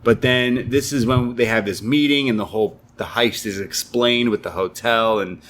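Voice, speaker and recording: A man's voice: mid-range voice, steady tone, moderate pace, a bit bright. A man co-hosting a casual film review chat, retelling the plot in a rambling way with many fillers. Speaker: podcast co-host, film reviewer.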